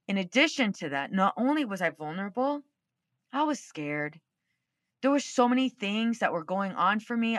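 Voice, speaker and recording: A woman's voice: medium pitch, sharp tone, no echo, clean studio sound. A woman hosting a podcast, telling a personal story in a casual, candid way and swearing freely. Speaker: podcast host.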